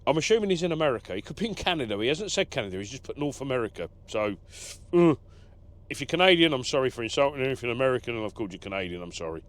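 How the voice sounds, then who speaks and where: A man talking in a relaxed, rambling way from the cab of his truck, mid-range in pitch. He pokes fun at himself as he chats about his day and the comments viewers have left. The hum of a vehicle sits faintly behind him. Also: racing. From England. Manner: rambling, self-deprecating, chatty. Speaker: lorry driver vlogger. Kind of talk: casual vlog chat, reading comments.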